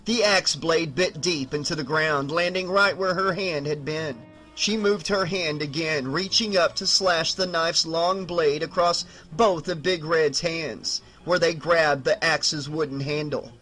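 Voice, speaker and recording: A man narrating a horror novel as an audiobook in a measured, dramatic reading. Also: fairly high pitch, pushed and bright, faint music behind, poor audio.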